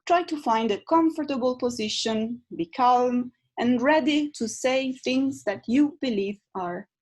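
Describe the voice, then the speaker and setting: A woman's voice: medium pitch, darkish tone. A woman teaching presentation skills in an online tutorial, with hesitant fillers and demonstrative emphasis. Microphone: video call.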